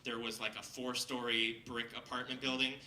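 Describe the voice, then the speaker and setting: A man telling a funny personal story on stage to a live audience, lively and laughing as he goes, acting out the people he quotes. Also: medium pitch, normal speed, echoey room, far from the mic, slight background noise, poor audio. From Seattle. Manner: animated, laughing, acts out quoted voices.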